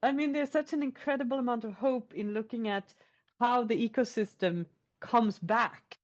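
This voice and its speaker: A woman from Sweden, telling a folk tale as a podcast guest in a slow, reflective way. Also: fairly high pitch. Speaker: storyteller guest. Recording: dull lo-fi sound.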